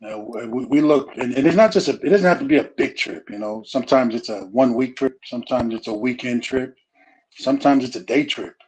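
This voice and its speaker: A middle-aged man speaking in a relaxed, conversational way. He wanders through his thoughts and restarts sentences often. He fills the gaps with plenty of "you know"s, and his voice sits at an ordinary middle pitch. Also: brisk, husky, low-quality recording. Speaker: guest speaker on family. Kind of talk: casual conversational talk.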